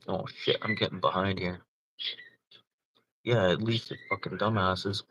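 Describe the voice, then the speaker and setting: A man's voice: fairly low pitch, fairly even intonation, takes it slowly, a bit bright, lo-fi sound, slight background noise. A man hosting a livestream, chatting casually and telling rambling, profane stories while laughing often. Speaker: livestream host. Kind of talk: casual storytelling chat.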